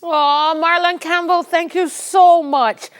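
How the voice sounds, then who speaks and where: A woman's voice: extremely high pitch, fairly even intonation, takes it slowly, fairly bright tone. A Jamaican woman hosting a morning TV interview, effusive and openly emotional. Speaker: TV morning show host.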